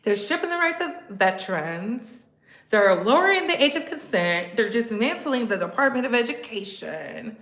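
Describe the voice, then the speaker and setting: A woman's voice: a little high, big pitch swings, normal speed, fairly bright tone, reverberant. A woman vlogger giving mocking, sarcastic political commentary, repeating lines for emphasis and laughing between them.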